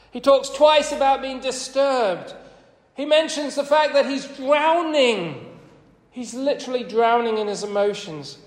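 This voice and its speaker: A man preaching a sermon in an earnest, conversational way, quoting scripture with rising emphasis. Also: high-pitched. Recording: echoey hall, long reverb.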